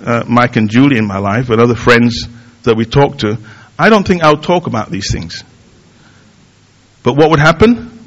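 A middle-aged male pastor preaching in an easy, conversational way. He pokes fun at himself and often stops and restarts his sentences. His voice sits at an ordinary middle pitch. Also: a bit bright, rough recording. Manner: conversational, self-deprecating, with frequent fillers and restarts. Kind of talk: sermon.

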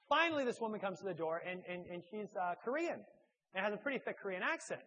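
Male church speaker, fairly high voice, halting, self-mocking storyteller. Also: very animated, sharp tone, dull audio. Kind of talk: humorous personal anecdote.

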